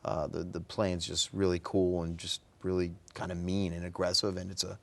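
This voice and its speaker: Male guest, very low voice, easygoing storyteller with lots of ums. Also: moderate pace, gravelly. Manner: relaxed, filler-heavy storytelling. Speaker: guest, music fan. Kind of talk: casual interview chat.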